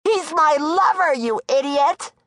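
A man's voice: very high voice, expressive, slow pace, bright, forceful tone, no room sound, studio quality, voice pushed up, full character voice. A man voicing a panicked woman caught cheating, frantic and bossy as she pleads for help. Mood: pleading.

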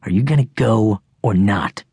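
A bullying, impatient teenage boy who barks his taunts, as a male audiobook narrator voices him. The voice is husky and slightly breathy. It sits close and dry, with no room around it. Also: on the low side, a little slow, darkish tone, no echo, heavily acted. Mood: taunting. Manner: taunting, barking. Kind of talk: audiobook character voice.

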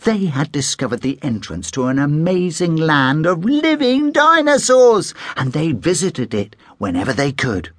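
Man reading a kids story, really lively voice, dry studio sound. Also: fairly high pitch, normal speed, hardly any pauses, no room sound. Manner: animated storyteller. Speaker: audiobook narrator. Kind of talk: expressive children's story narration.

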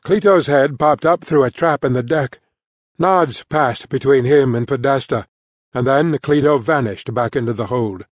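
A man reading fantasy fiction as an audiobook narrator in even, measured storytelling on a close studio mic. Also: medium pitch, dry recording. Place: dry studio booth.

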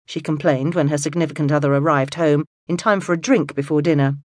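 Woman reading a mystery, close mic, dry booth, calm measured delivery, low voice. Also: no echo. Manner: measured, expressive storytelling. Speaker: audiobook narrator. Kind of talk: scripted narration. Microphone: close studio mic.

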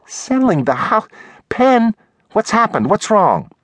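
A man voicing a flustered young woman assistant who fires off high, rising questions in an audiobook. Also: sing-song, slow, dry recording, heavily acted. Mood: alarmed.

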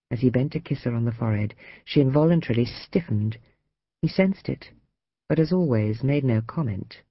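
A woman narrating a novel in a measured, dramatic storytelling manner. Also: rumbling low, vocal fry, slightly rough, no room sound, lo-fi sound. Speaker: audiobook narrator. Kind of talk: scripted narration.

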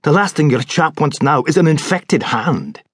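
A man voicing a brisk male doctor who speaks curtly and with authority. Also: on the high side, lively intonation, breathy edge, no echo, clean studio sound, pitched above the performer's own voice. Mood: firm. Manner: curt, authoritative.

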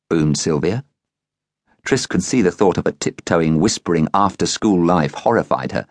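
Male storybook narrator, low pitch, animated delivery, dry booth. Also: normal speed, dry recording. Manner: calm storytelling, lively pitch. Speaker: audiobook narrator. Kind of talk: scripted narration.

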